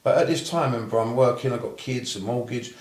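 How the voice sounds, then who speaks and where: A blunt Cockney man who swears constantly, a therapist recounting his path in a relaxed interview. He talks at a quick clip, words tumbling out. The recording carries a roomy echo. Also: medium pitch. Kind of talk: casual interview storytelling.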